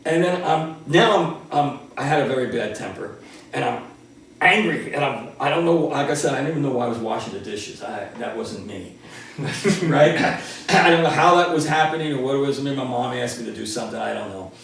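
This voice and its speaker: A man in his sixties, a martial arts instructor telling a story in an animated, laughing way. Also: mid-range voice, brisk, vocal fry. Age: 60s. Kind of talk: casual storytelling. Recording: roomy, distant from the mic.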